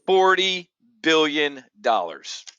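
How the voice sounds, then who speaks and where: A man hosting an opinionated market commentary show, blunt and combative, jumping from loud outbursts to low muttering. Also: sing-song, takes it slowly, smooth, dry recording, dull audio. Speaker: options trading show host.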